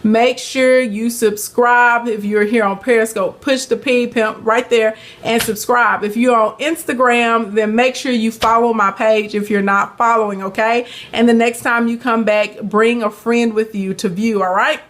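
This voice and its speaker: A chatty Southern woman hosts a live business Q&A stream. Her voice sits a little high, and her delivery is upbeat and familiar. She greets viewers warmly and calls them honey as she goes. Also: fairly even intonation, unhurried, hardly any pauses.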